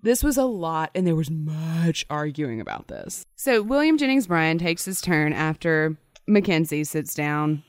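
A female podcast co-host telling a story in an easy, conversational way, with a slightly low voice. The sound is dry and close, with no room around it. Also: big pitch swings, a little slow, few pauses, dry recording. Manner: conversational, laughing asides. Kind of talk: casual storytelling chat.

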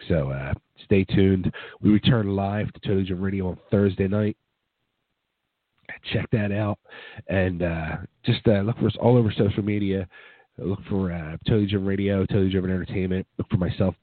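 A man hosting a rock radio show, hoarse from a cold, rambling casually with lots of fillers as he wraps up. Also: deep voice, fairly even intonation, fairly quick, no room sound. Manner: rambling, filler-heavy, laid-back. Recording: dry, phone-like narrow sound.

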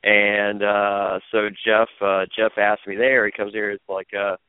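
A man's voice: lowish voice, level tone, measured pace, clear, resonant tone, no room sound. A man telling stories as a podcast guest, rambling with many restarts and fillers. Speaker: podcast guest, former reality show contestant. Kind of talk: casual interview storytelling. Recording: phone-like lo-fi audio.

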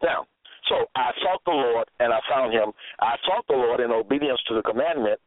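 A man teaching from scripture in a slow, deliberate way, reading out verse after verse and restating each one. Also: mid-range voice, animated, no echo. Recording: tinny phone-line sound, dry.

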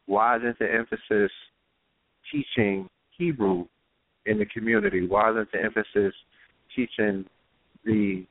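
Man, lowish voice, dry sound, thin phone-line audio, radio host. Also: very animated, a little slow, creaky, long pauses, dry recording. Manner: long searching questions with frequent "you know what I'm saying". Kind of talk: casual radio discussion.

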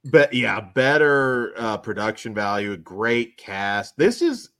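A man's voice: fairly low pitch, sing-song, slow, fairly bright tone, clear, resonant tone, no room sound, studio quality. A man hosting a film review podcast in casual chat, enthusiastic and laughing often, rambling with restarts. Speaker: podcast host reviewing films.

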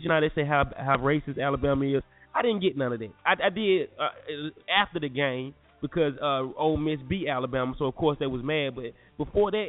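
Young guy on a podcast, kinda high voice, sounds like it's over the phone w/ faint music. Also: narrow, tinny audio. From North Carolina. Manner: animated, slangy, addresses listeners as y'all. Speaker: podcast host. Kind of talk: casual storytelling.

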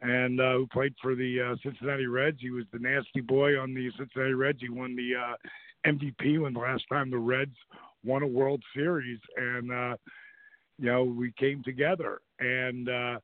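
Animated storytelling man on a tinny line. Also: mid-range voice, normal speed, no echo. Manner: animated anecdote-telling, acts out voices in quotes. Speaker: show host. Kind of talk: casual storytelling on a radio show. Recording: dry, phone-like narrow sound.

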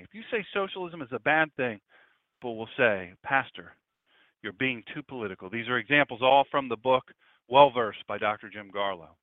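A man preaching an impassioned broadcast sermon, swinging between loud declarations and hushed asides. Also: a little high, no room sound. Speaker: pastor. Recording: dry, phone-like lo-fi sound.

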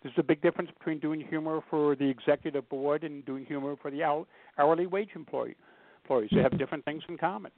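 A man's voice: fairly high pitch, quick pace, no room sound. A man telling funny stories as a guest in an interview, acting out the voices of the people in them. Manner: animated storyteller acting out quoted voices. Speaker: guest humor speaker. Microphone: phone. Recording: tinny phone line.

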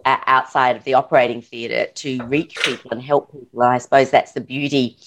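A woman's voice: a bass voice, fairly even intonation, brisk, noisy background. A middle-aged Australian woman, a surgeon and author, answering interview questions in an earnest, thoughtful way with some hesitations. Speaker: surgeon and author, podcast guest.

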